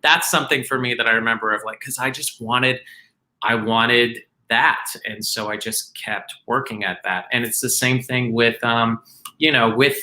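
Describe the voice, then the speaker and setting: A man's voice: mid-range voice, steady tone, normal speed, bright, forceful tone, rough recording. A man talking casually on a video call, rambling and self-deprecating with lots of fillers and restarts. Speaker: guest performer.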